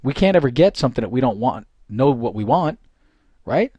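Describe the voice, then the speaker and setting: A middle-aged man, giving an informal, animated motivational talk with many fillers and restarts. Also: mid-range voice, fairly quick, husky, dry recording, lo-fi sound. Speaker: goal-setting coach.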